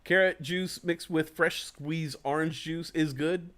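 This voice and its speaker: A man hosting a casual livestream talk show, telling animated stories, acting out inner voices and swearing casually. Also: fairly high pitch, unhurried, loud music behind the voice.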